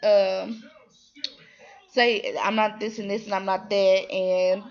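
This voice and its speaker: A woman's voice: mid-range voice, slow, lo-fi sound. A woman casually recapping a TV drama episode, rambling with lots of fillers and restarts and slipping into quoted voices. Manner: animated, slips into quoted voices.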